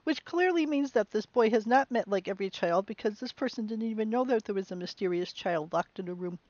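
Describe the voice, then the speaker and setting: A woman giving chatty, musing let's play commentary on a game, with bursts of excitement. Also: mid-range voice, fairly quick, dry recording, dull audio. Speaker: game streamer.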